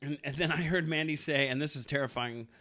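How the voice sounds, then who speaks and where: A man's voice: fairly high pitch, quick pace, bright, forceful tone. A young man co-hosting a podcast, chatting casually, telling jokey stories and swearing freely. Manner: joking storyteller, swears freely. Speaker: podcast co-host. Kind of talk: casual chat.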